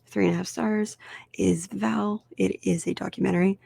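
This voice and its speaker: A woman hosting a casual solo podcast, animated and swearing freely as she rambles through film rankings. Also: mid-range voice, normal speed, vocal fry, no echo. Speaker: podcast host.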